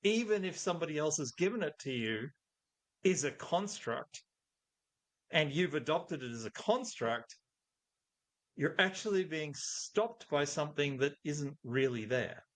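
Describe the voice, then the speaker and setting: A man's voice: a little high, lively intonation, a little slow. A middle-aged man, a guest in an interview, talking thoughtfully and telling anecdotes. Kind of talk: conversational interview.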